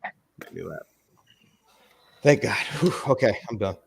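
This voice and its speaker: A man's voice: on the low side, lively intonation, unhurried, vocal fry, a little hiss or hum. A man in a casual stream chat who rambles, loses his thread and apologizes for going off track. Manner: rambling, self-interrupting, apologetic.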